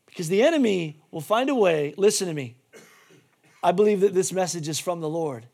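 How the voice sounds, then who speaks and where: A male pastor preaching a sermon emphatically, swinging between shouting and hushed tones. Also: high voice, expressive, fairly quick.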